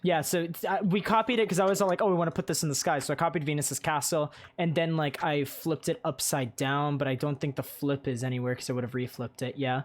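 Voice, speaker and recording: A man's voice: a little high, fairly even intonation, quick pace, few pauses. A man streaming casually, rambling and swearing freely as he tours a game world with friends. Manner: rambling, swears often, many fillers. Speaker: streamer and server organizer.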